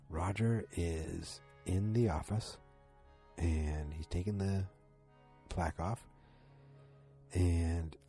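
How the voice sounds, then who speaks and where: A man casually recapping a TV episode. He rambles excitedly and acts out the lines he quotes. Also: low voice.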